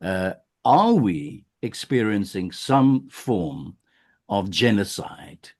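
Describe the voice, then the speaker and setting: This is a man hosting a sit-down podcast interview. His voice sits very low and deep. He talks in a measured way and often restarts and hesitates mid-sentence. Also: expressive. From South Africa. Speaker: podcast host.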